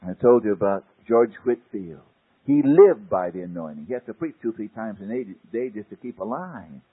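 A man preaching a sermon, swinging dramatically from loud declarations to hushed near-whispers, with a husky voice. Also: lowish voice, sing-song, moderate pace. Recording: tinny phone-like old sermon tape.

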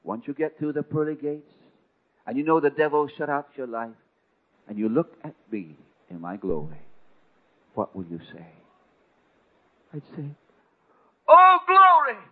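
A man preaching a sermon, telling a story with dramatic swings from hushed to loud. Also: mid-range voice, moderate pace. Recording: tinny phone-like sound.

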